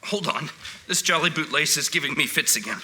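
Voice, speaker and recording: A man's voice: on the high side, animated, a little fast, bright, forceful tone, slight background noise. A man playing a proper young hero. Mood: earnest. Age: young adult. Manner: earnest, proper, slightly pompous. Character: earnest young man, son of a dragon slayer. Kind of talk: stage musical acting.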